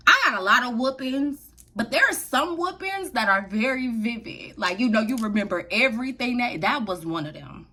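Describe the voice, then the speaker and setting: A woman's voice: a little high, pushed and bright, slight background noise. A young adult woman telling a story on her vlog in a loose, slangy way, laughing often. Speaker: vlogger.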